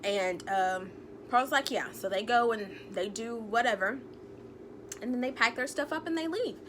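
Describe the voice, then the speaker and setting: A woman giving a casual recap of a TV episode, retelling the plot with animated storytelling and acting out what the characters say. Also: fairly high pitch, normal speed, background noise. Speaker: TV recap vlogger.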